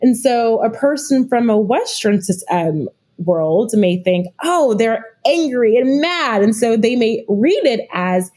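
Middle-aged woman, podcast guest expert: husky tone, unhurried, reflective delivery with frequent restarts. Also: fairly high pitch, very animated, a little mellow. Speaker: guest expert, leadership consultant. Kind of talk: podcast interview conversation.

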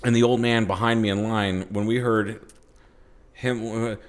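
A man's voice: fairly low pitch, moderate pace. A man co-hosting a podcast, telling stories in casual chat, laughing often and swearing freely. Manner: animated storyteller, laughs often. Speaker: podcast co-host.

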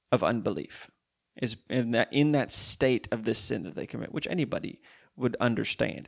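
A man preaching a sermon, reading Bible verses aloud slowly and explaining them emphatically. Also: medium pitch, gravelly.

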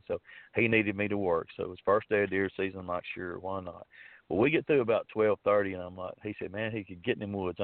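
A man with a Southern accent and a fairly low voice tells a story in a loose, rambling way, stopping and restarting his sentences. The sound is dry and thin, like it comes over a phone line. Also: no room sound. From Arkansas. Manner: rambling, folksy, many fillers and restarts. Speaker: storyteller guest. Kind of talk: casual spoken storytelling.

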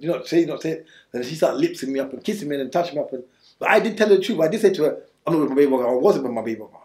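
A man's voice: a little high, animated, very fast, a little mellow, roomy sound. A man telling his story bluntly in street slang during an interview, rambling and restarting as he goes. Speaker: interview guest.

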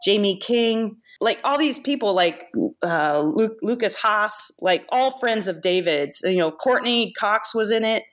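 A woman, a guest makeup artist, telling stories in a casual chat, lively and laughing often. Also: mid-range voice, measured pace. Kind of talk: casual storytelling.

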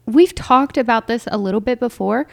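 A woman's voice: fairly high pitch, normal speed, vocal fry, a little mellow, no echo, clean studio sound. A young adult woman co-hosting a podcast, chatting casually and laughing often as she tells family stories. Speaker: podcast co-host. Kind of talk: casual chat.

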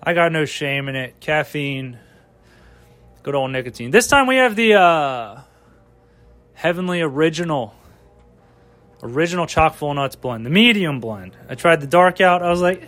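A man talking in his home kitchen, his voice sitting a little high. He rambles loosely, swears freely and chats away to himself as he goes. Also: expressive, normal speed, long pauses, fairly bright tone. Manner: rambling, profane, talks to himself. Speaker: vlogger and amateur stand-up comic. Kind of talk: rambling casual monologue.

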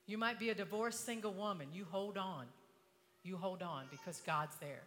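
An older woman giving a motivational talk to an audience, impassioned, swinging from hushed tones to shouting. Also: medium pitch, moderate pace, big-room sound. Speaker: inspirational speaker.

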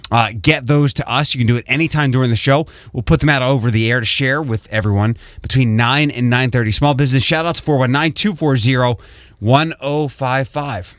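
A man's voice: mid-range voice, fairly quick, fairly bright tone, no echo. A man hosting a morning radio show, reading the rundown and trading dry teasing banter with his co-host in a studio.

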